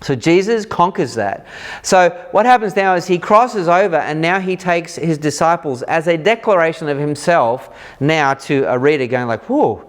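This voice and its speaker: A man's voice: fairly high pitch, normal speed. Man teaching the Bible conversationally. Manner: animated, acts out reactions in lively quoted voices; informal, with fillers and restarts.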